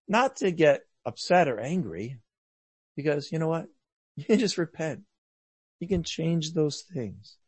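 Earnest male preacher, lively pitch. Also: measured pace, long pauses, slightly rough, no echo. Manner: earnest, swings between loud emphasis and soft hushed lines. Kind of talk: sermon.

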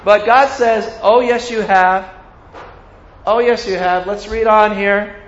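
A man preaching a sermon, animated, acting out the voices of God and of his listeners. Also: high-pitched, slow, reverberant, dull audio, slight background noise.

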